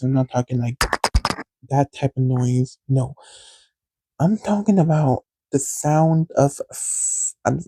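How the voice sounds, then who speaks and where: A man's voice: medium pitch, gravelly, dark tone, husky, no echo, poor audio. A man telling a personal story in a frank, rambling way, speaking straight to his listeners as a podcast host. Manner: candid, rambling, addresses listeners directly. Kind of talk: casual storytelling.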